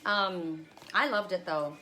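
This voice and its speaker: Bright-voiced chatty woman live-streaming outdoors. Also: fairly low pitch, slow, slight background noise. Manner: chatty and rambling, talks straight to viewers. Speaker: oracle card reader hosting a live stream. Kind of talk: casual live-stream chat. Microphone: phone camera.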